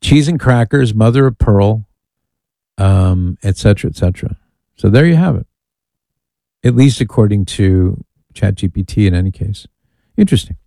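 A man's voice: on the low side, lively intonation, moderate pace, vocal fry, pauses often, mellow, dry recording. A man hosting a call-in radio talk show, chatty and amused as he reads listener emails aloud. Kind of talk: casual call-in radio chat.

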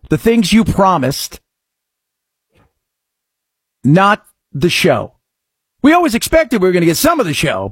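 A middle-aged man hosting a talk show, speaking sarcastically and breaking into mock shouts. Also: high voice, breathy edge, dry recording, clean studio sound. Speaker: radio talk show host. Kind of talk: sarcastic political talk commentary.

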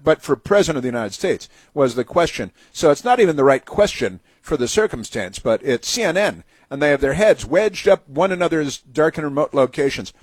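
A man hosting a talk show delivers a sarcastic, indignant monologue. His voice is husky and the sound is dry and close. He stops and restarts often, with many fillers. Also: on the high side, very animated, brisk, few pauses, dry recording. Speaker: radio talk host. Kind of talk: opinionated talk radio monologue.

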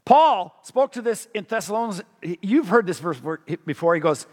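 A man's voice: high voice, expressive, fairly quick, hardly any pauses. A middle-aged man preaching a sermon as a pastor, talking conversationally and asking the audience questions. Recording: long hall reverb.

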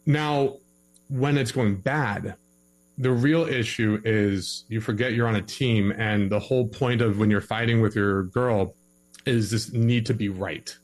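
A man giving relationship advice in a casual podcast conversation, animated and acting out both sides of an argument. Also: fairly low pitch, a little slow.

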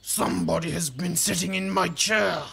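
A woman voicing a big, grumbling papa koala in a storybook reading, with a growly, gravelly voice and a bellowing manner. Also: on the low side, a bit bright, full character voice. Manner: slow, bellowing.

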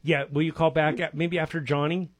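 A man's voice: fairly high pitch, flat delivery, brisk, no echo. A man hosting a local radio swap show, chatting casually and joking with callers. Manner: joking, chuckling, rambling.

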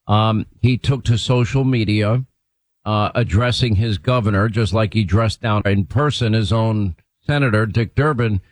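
A man hosting a radio talk show, speaking briskly and emphatically as he sets up his guest. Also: lowish voice, no room sound, poor audio. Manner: brisk, emphatic, reads quotes aloud.

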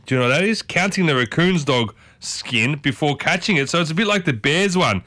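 A man's voice: a little high, lively intonation, fairly quick, bright, forceful tone, dry recording. A man hosting a morning radio show, chatting casually and playfully, often restarting his sentences. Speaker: radio host. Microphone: studio microphone.

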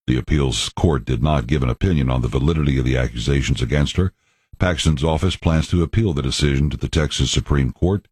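Male radio anchor with an extremely low, husky voice; dry, matter-of-fact news read. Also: brisk, darkish tone, dry recording. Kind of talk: scripted news reading.

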